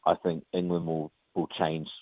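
This rugby player's very deep voice comes across flat, at a normal pace and without echo, through phone-line audio. With his New Zealand accent, he chats casually in an interview, rambling, using many fillers and calling the host mate.

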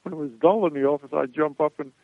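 A man's voice: on the high side, quick pace, vocal fry. Older man on a tinny phone line. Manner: rambling anecdotes with frequent uh and restarts. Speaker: guest comedian. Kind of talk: storytelling in a radio interview.

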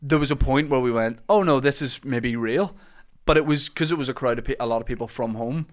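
Animated man telling stories. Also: medium pitch, brisk. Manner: animated storyteller, shouts out quoted lines. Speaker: podcast host. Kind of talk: casual chat, comic storytelling.

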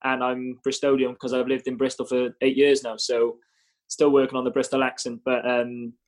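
A man's voice: medium pitch, completely flat delivery, moderate pace. A young Welsh man with a Welsh accent, chatting casually and modestly on a podcast, with lots of fillers. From Wales. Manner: modest, filler-heavy, laughs easily. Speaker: guest rugby player.

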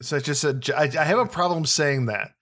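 A man's voice: on the high side, animated, brisk, fairly bright tone. Laughing, enthusiastic male podcast co-host. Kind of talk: casual podcast chat.

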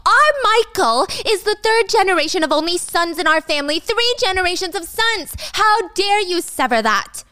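A domineering middle-aged mother-in-law, put on by a woman in a piercing, high scolding voice. Every line shrieks down at the person in front of her. The sound is dry and close. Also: fast talker, a bit bright, dry recording. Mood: furious scolding.

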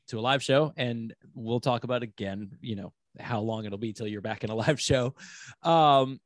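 A man's voice: mid-range voice, no room sound. A man hosting a casual interview podcast who talks in a loose, rambling way and laughs easily. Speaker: podcast host.

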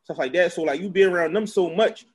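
A man's voice: sits high, quick pace, breathy edge. A young man with a Philadelphia accent, a music promoter chatting casually as an interview guest, rambling with lots of fillers. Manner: laid-back, filler-heavy rambling.

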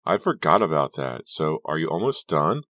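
A bubbly, excitable teenage girl in a storybook reading, put on by a man reader. The voice is pitched up from his very deep natural tone and stays eager and teasing. The studio sound is close and dry. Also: moderate pace, no echo, full character voice. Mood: excited. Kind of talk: audiobook character reading.

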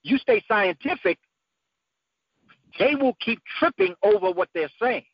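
A man giving an emphatic, preacherly talk whose voice climbs to high peaks. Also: big pitch swings, measured pace, vocal fry, no room sound. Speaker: guest speaker. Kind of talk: impassioned lecture-style talk. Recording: dull lo-fi dry sound.

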